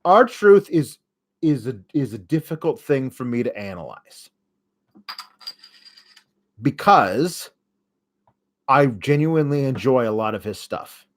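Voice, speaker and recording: A man's voice: mid-range voice, expressive, slow, pauses often. A man hosting a casual solo recap show, rambling and sarcastic, with frequent fillers and swearing when annoyed. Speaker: host.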